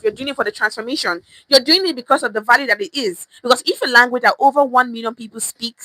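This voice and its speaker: A Nigerian woman with a Nigerian accent coaches her viewers in Pidgin, her voice high and bright. She talks straight to the listener in an animated, casual way, repeating key phrases and slipping into Pidgin. The sound is dry and close. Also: no room sound, low-quality recording. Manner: addresses viewers directly, mixes in Pidgin. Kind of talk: casual teaching monologue.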